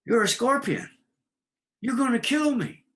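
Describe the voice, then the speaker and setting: A panicked frog squeals in a voice pushed well above normal, as a man puts it on while telling a fable. It sounds shrill and alarmed. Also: very animated, unhurried, fairly bright tone, a little hiss or hum, exaggerated voice. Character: panicked frog asked for a ride.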